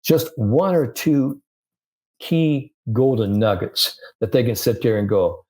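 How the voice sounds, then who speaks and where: Lively older male storyteller. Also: medium pitch, takes it slowly. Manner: lively storyteller acting out quoted voices. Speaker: sports psychologist guest. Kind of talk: animated anecdote in a podcast interview.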